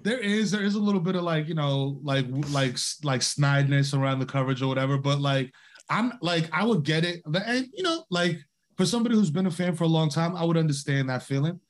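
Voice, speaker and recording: A man's voice: a little high, animated, quick pace. Slangy American guy, laid-back. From United States. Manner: slangy, loose, full of "like" and "you know". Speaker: podcast guest, comedian. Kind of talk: casual chat, storytelling.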